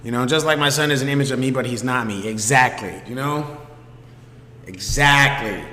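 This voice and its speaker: A man's voice: medium pitch, normal speed, pushed and bright. A man hosting his own stream, telling a story casually and animatedly, swearing freely and often checking that the listener is following. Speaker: streamer host. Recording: echoey room with long reverb.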